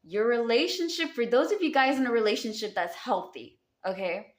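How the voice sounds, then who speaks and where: A woman's voice: a little high, very animated, normal speed. A woman with a Southern US accent giving a casual tarot reading, speaking affectionately and calling her listeners honey and baby. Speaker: tarot card reader. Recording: roomy echo.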